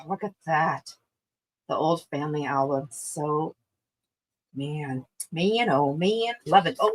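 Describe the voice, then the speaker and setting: A woman's voice: sits low, poor audio. Chatty woman hosting a live sale. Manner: chatty, exclaims over items, laughs often. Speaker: host of a live online craft sale. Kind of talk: casual live-stream selling chat.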